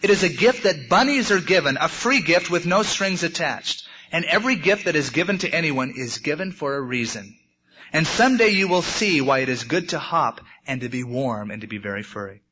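A man voicing a great silver wolf who speaks gently and deliberately. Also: fairly high pitch, sing-song, slight background noise. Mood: gentle. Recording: muffled lo-fi recording.

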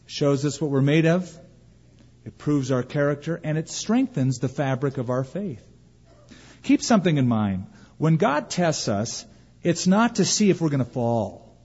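A man preaching a sermon as pastor, emphatic and preacherly, with pauses and rhetorical questions. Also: mid-range voice, a little mellow, breathy edge, big-room sound, muffled recording.

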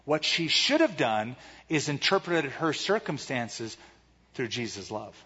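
Male pastor, husky, slow and deliberate, dramatic sermon style, muffled hall sound. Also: mid-range voice, very animated, sharp tone. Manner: dramatic, rhetorical questions, acts out quoted voices.

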